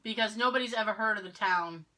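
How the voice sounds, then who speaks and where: A woman's voice: medium pitch, fast talker. A woman from Massachusetts, co-hosting a podcast in casual chat, telling stories and acting out what other people said. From Massachusetts, near Cape Cod. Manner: animated storyteller, acts out what others said. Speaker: podcast co-host.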